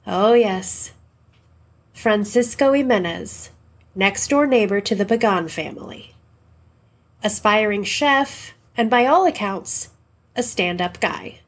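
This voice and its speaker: A woman reporter giving scripted true-crime narration in a dramatic, measured way. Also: mid-range voice.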